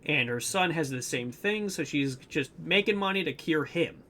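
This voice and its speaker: A man's voice: on the high side, animated, normal speed, sharp tone, slight background noise. A young man co-hosting a podcast, retelling a movie plot in rambling casual chat with lots of fillers. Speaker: podcast co-host.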